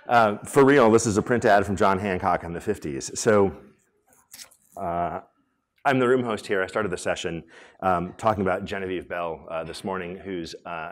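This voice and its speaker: Guy with a deep voice giving a talk at a conference, chatty, restarts a lot, keeps polling the crowd. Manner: conversational, many fillers and restarts, polls the audience. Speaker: conference speaker and room host. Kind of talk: conference talk to a live audience. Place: conference hall.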